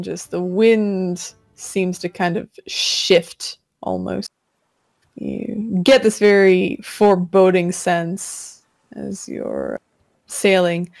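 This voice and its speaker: A woman game master narrating a pirate tabletop game in an easygoing, chatty way. She laughs often and swears casually as she runs the scene. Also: lowish voice.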